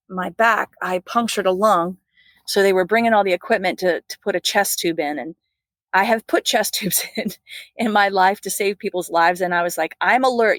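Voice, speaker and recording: A woman's voice: mid-range voice, dry recording. Woman telling her story. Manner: earnest, animated storytelling with laughs. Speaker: podcast guest, critical care nurse. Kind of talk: personal storytelling interview.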